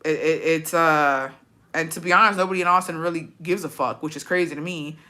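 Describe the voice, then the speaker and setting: A woman chatting casually and bluntly with her viewers, swearing freely and breaking into animated outbursts. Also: deep voice, a little fast. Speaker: streamer reacting to chat. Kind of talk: casual profane chat.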